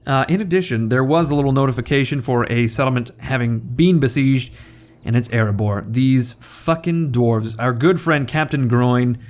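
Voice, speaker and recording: A man's voice: medium pitch, a little mellow. A young man giving casual, rambling game commentary, joking and self-deprecating as the host. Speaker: gaming video host.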